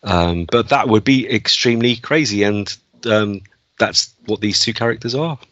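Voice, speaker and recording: Brief: male podcast co-host, bright and forceful voice, rambling eager film talk, dry lo-fi recording. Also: fairly low pitch, normal speed, no room sound. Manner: enthusiastic, rambling with fillers. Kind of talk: casual film chat. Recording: dull, dry lo-fi sound.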